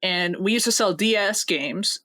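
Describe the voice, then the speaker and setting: A young woman co-hosting a casual podcast, retelling a workplace story with constant swearing and animated quotes. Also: mid-range voice, unhurried. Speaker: podcast co-host.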